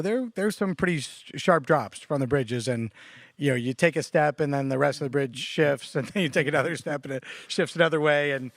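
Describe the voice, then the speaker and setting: A man chatting casually on a church talk show, telling stories with animated quoted lines. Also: no room sound, clean studio sound. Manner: animated storyteller, quotes others with raised pitch. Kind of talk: casual conversation.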